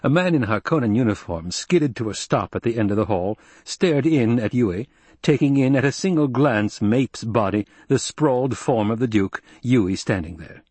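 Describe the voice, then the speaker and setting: A man reading a novel aloud in steady, measured scripted narration. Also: mid-range voice, husky, no room sound. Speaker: audiobook narrator.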